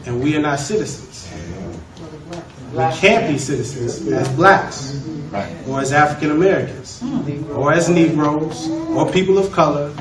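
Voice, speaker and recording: A man's voice: on the high side, unhurried, pauses often, a crowd in the background. A man teaching a law class, lecturing emphatically and putting questions to the students. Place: college classroom. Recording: echoey room from far off, noisy.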